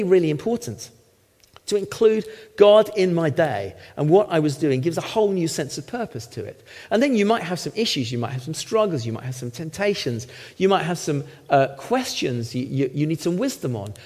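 A middle-aged man, a former lawyer, preaching a sermon with emphatic, animated teaching and frequent check-ins with the congregation. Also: high-pitched. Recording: long hall reverb.

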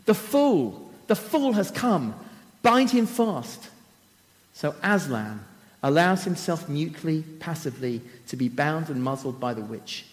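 A man's voice: a little high, in a large hall. A man giving a talk who vividly and dramatically retells a children's story.

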